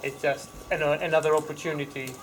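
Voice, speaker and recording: A man's voice: on the high side, little pitch movement, fairly quick, a little hiss or hum. A man co-hosting a school podcast in a library lounge, chatty and self-deprecating as he welcomes a guest and asks questions.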